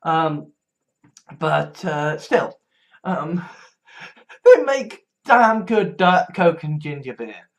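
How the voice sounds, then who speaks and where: Guy vlogging, kinda high voice, trips over his words, swears a lot, wry little laughs. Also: very animated, extremely slow, long pauses. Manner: rambling, stumbling restarts, frequent swearing. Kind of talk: casual rambling monologue.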